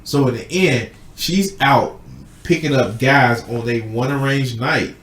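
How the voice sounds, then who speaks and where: A man's voice: mid-range voice, measured pace, reverberant, slight background noise. A man hosting a casual podcast chat, retelling a film plot with lots of swearing and acted-out quotes. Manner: animated, swearing, acts out quotes. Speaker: podcast host.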